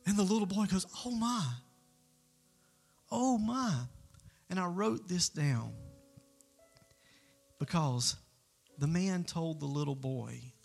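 A man's voice: fairly high pitch, expressive, unhurried, creaky, long pauses, faint music behind. A man preaching in an earnest, conversational way, telling a story as part of a sermon.

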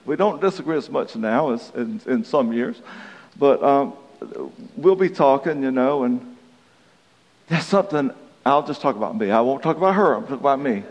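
A man's voice: mid-range voice, lively intonation, normal speed, a little mellow. A man in his sixties preaching a sermon, telling folksy stories and acting out the quotes. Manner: folksy, storytelling, acts out quotes. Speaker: pastor. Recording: long hall reverb.

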